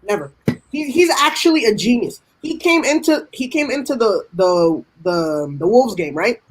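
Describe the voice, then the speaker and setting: A man's voice: very high-pitched, sing-song, moderate pace, noisy background. Fired-up man reacting to a match. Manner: passionate, emphatic, repeats himself. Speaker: fan panelist. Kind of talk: excited live match reaction.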